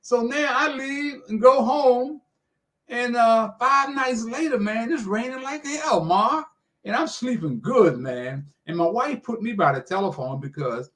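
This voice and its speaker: A man's voice: sits high, a bit bright. An older American man, a sports radio personality, telling a folksy story and acting out the quotes, saying "man" often. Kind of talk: animated storytelling.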